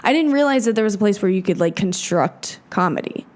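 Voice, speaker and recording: A woman's voice: medium pitch, animated, fairly quick, darkish tone. A woman in her twenties co-hosting a podcast, chatting casually with lots of "like" fillers and loose swearing. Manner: chatty, filler-heavy, swears freely, acts out quotes. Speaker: podcast co-host. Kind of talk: casual chat.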